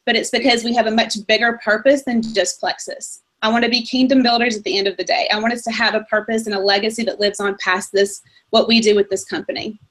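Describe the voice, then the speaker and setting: A woman's voice: a little high, fairly even intonation, fast talker, fairly bright tone, rough recording. A woman giving a firm, rallying motivational talk about goals and purpose on a team conference call. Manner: firm, rallying, goal-driven. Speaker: guest speaker on a team call.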